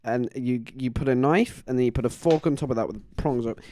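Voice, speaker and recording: A man's voice: mid-range voice, a little fast, a little hiss or hum. A man chatting casually on a live stream, rambling through stories and laughing often. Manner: rambling, animated storytelling with frequent laughs.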